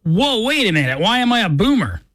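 A woman's voice: medium pitch, sing-song, fairly quick, a bit bright, dry recording. A woman hosting a morning radio show, telling a story in a chatty, playful way. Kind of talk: casual radio chat. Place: radio studio.

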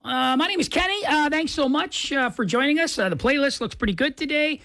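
A man's voice: very high-pitched, animated, a little fast, bright, forceful tone, no echo. A man hosting a casual radio show, chatty and rambling with lots of fillers. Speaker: radio host. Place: radio studio.

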